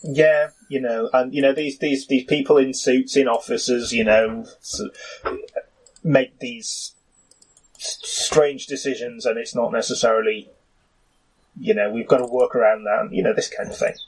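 A man narrating a tabletop game as game master, halting and full of "you know", with restarts. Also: mid-range voice, steady tone, a little hiss or hum, low-quality recording.

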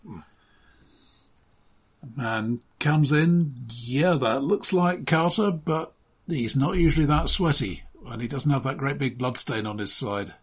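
A man narrates as game master of a tabletop game, relaxed and halting, often restarting his sentences. His voice is mid-pitched and husky.

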